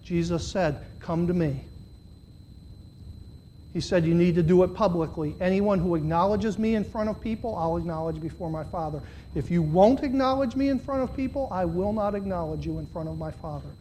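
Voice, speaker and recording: A man preaching a sermon to a congregation, swinging between loud, high, impassioned stretches and low, earnest appeals. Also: moderate pace, slight background noise. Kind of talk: sermon with altar call. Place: church.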